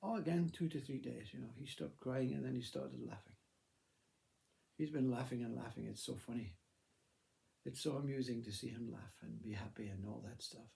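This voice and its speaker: A man voices a calm, unbothered mother who brushes off her children's worries with soothing patience. His voice is gravelly, medium in pitch, and moderately paced.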